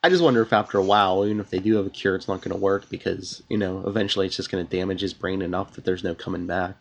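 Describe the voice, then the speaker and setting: A man's voice: deep voice, steady tone, racing, vocal fry, a little hiss or hum. A man co-hosting a podcast, chatting casually and musing in rambling, restarting sentences. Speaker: podcast co-host. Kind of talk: casual TV review chat.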